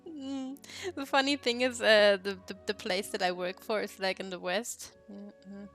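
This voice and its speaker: A woman's voice: medium pitch, fairly even intonation, measured pace, fairly bright tone. Young woman streamer, casual chatter, frequent laughs and cursing, faint music bed. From Germany. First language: German. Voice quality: laughs often, swears freely, rambling. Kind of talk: casual chat while drawing.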